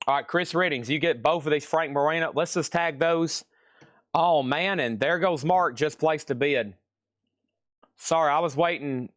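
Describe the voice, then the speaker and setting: A man's voice: on the high side, normal speed, fairly bright tone, dry recording, studio quality. A man hosting a live-stream vinyl sale, chatting casually as he reads out buyers' names, prices and the condition of each record. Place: record shop.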